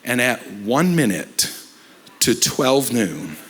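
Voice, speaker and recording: A man's voice: mid-range voice, slow pace. A middle-aged man, a pastor telling a testimony story in a sermon, acting out the voices of the people in it. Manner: animated storyteller acting out quoted dialogue.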